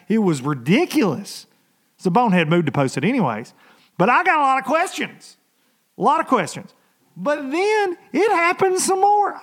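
A man hosting a fishing podcast, telling a story in an exasperated, animated, folksy way. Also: sits high. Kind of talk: casual rant.

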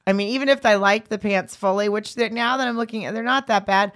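A woman's voice: medium pitch, fast, a bit bright. Woman, podcast co-host, casual chat, blunt, teasing, laughs often, studio mic, office. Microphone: studio microphone.

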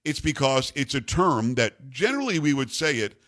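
An older man runs a talk radio show, and his pitch swings widely as he rants. He is blunt and combative, and he jokes as he goes. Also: big pitch swings, normal speed, a bit bright. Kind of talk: opinionated talk radio rant.

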